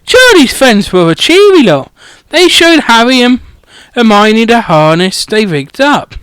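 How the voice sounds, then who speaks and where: A man's voice: very high voice, sing-song, unhurried, fairly bright tone, clear, resonant tone, dry recording. A man reading a comedic parody audiobook through a headset mic, irreverent and swearing, often stumbling over words. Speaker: audiobook reader.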